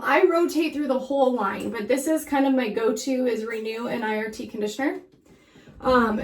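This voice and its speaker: A woman's voice: fairly high pitch, a little mellow, recorded from a distance, a little hiss or hum, rough recording. A woman giving a casual hair-washing how-to in her shower, chatty and instructive with frequent fillers, a little out of breath. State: slightly out of breath. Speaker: hair care vlogger. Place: bathroom shower. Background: running water.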